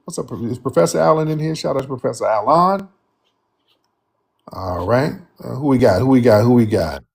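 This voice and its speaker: A man's voice: mid-range voice, normal speed, vocal fry, darkish tone, husky. A man hosting a live-stream commentary show and taking callers, talking in an emphatic, repetitive, slang-heavy way.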